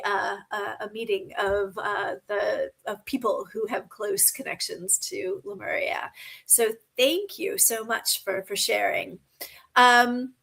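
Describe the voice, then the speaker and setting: A woman with a slightly high voice hosts a live stream, reading out viewer comments and offering gentle spiritual guidance. She frequently says "um" and tacks on "right?"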